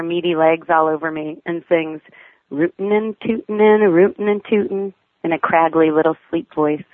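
A woman's voice: low voice, no room sound. A mother reading aloud her personal diary essay in a wry, affectionate, plain manner. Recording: tinny phone-like line, dry.

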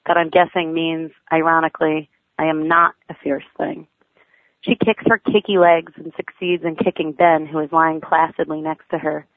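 A woman's voice: deep voice, flat delivery, normal speed, no echo. A mother reading aloud her personal diary essay in a wry, affectionate, plain manner. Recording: tinny phone-like line, dry.

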